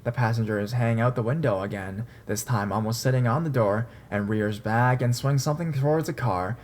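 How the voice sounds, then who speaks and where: A man narrating a true horror story in a steady, casual storytelling manner. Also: medium pitch, a little fast. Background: faint dark background music.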